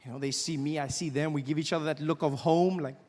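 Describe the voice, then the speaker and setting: A man from South Africa performing stand-up comedy, animated and mocking. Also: fairly high pitch, quick pace, very noisy. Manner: animated, mocking, acts out voices. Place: large theatre stage. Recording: live stage in a big hall, laughing audience.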